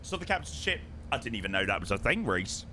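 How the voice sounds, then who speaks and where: A man's voice: on the low side, big pitch swings, fast talker, sharp tone, slight background noise. A young man streaming a flight sim, chatting casually with his chat and calling people mate, his voice strained because he is losing it.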